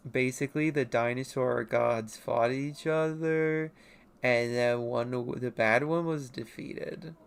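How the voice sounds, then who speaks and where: Rambling young artist with a gravelly edge. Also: medium pitch, takes it slowly, long pauses. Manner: rambling, self-mocking, briefly acting out character lines. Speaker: artist livestreaming a comic read-through. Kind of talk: casual livestream commentary.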